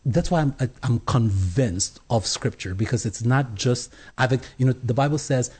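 A man telling his personal faith story as an interview guest, earnest, with halting restarts. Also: mid-range voice, a little mellow, husky. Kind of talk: personal testimony in conversation.

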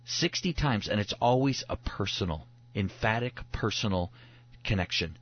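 A man teaching about a Bible passage in a conversational way, emphatic and animated, often acting out what people said. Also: normal speed, slightly rough, lo-fi sound. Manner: emphatic, acts out quoted speech with rising pitch.

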